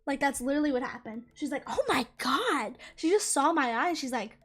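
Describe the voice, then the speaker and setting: A young woman casually telling a story from her life, animated, laughing often and swearing freely. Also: high voice, fast talker. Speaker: gaming channel creator.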